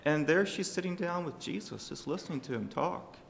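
A man preaching a sermon to his congregation, speaking emphatically and shifting his loudness for emphasis. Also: fairly high pitch, lively intonation, a little fast, creaky, big-room sound, a little hiss or hum.

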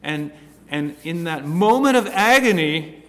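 A man preaching a sermon, earnest, with stammering restarts and swings between loud and hushed passages. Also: a little high, expressive, measured pace, in a large hall.

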